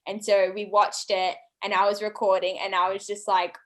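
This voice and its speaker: A woman in her twenties telling a story in a relaxed chat, acting out other people's lines with big jumps in her voice. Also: moderate pace. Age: 20s. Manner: animated, acts out quoted voices with big pitch jumps. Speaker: channel co-host, guest. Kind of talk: casual storytelling.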